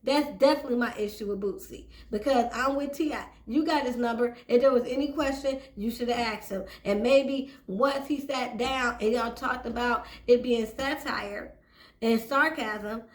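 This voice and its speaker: A woman's voice: on the high side, normal speed. A woman hosting a celebrity gossip channel, casually reading out a news story and giving her opinions, sometimes stumbling over the words. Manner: chatty, opinionated, stumbles while reading aloud. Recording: echoey room.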